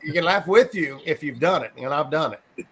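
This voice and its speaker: A man's voice: fairly high pitch, animated, brisk, a bit bright, breathy edge. A man hosting a live stream, reading viewer comments aloud and chatting in an easygoing way with small restarts. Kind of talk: casual chat.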